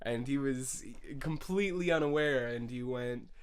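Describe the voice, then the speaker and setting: A man's voice: medium pitch, normal speed, slight background noise. A man co-hosting a podcast, improvising a comedy story with stammering repeats. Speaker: podcast co-host.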